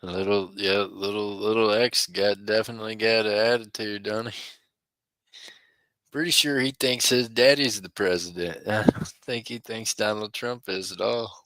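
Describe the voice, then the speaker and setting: A man's voice: fairly low pitch, steady tone, normal speed, a bit bright, dry recording. A middle-aged man hosting a live online auction in a folksy, chatty way, chuckling often. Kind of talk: live-stream auction chat.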